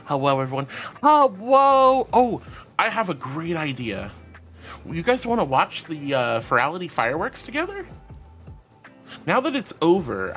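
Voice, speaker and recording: A VTuber streamer with a rumbling low, slightly bright voice chats casually and warmly with her viewers. She calls them sweetie and honey and giggles often.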